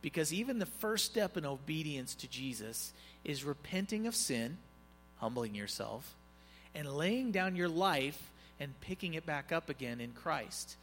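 A man preaching in a relaxed, conversational way, tossing joking asides to his congregation. His voice sits a bit high for a man. It rings with a long hall reverb over faint background music. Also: a little slow. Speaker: pastor. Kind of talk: conversational sermon.

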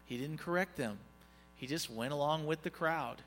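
A male pastor giving a conversational sermon, animated and joking asides with his congregation. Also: fairly high pitch, normal speed, slight background noise. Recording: long reverb, faint music behind.

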